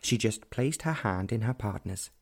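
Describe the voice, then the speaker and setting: A man reading a period novel aloud as an audiobook narrator, in measured, deliberate storytelling. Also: lowish voice, animated, slightly rough. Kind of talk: scripted narration.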